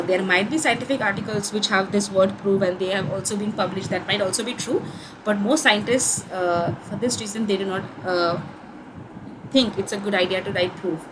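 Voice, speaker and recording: A woman's voice: mid-range voice, noisy background. A young woman with an Indian English accent, giving an online course tutorial in a conversational way, with many fillers and restarts.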